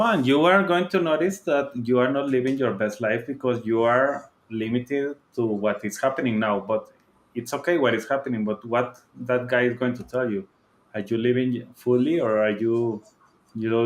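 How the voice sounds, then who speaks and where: A man's voice: mid-range voice, normal speed. Earnest male host asking probing questions. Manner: earnest, asks probing questions, restarts phrases. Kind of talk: casual interview talk.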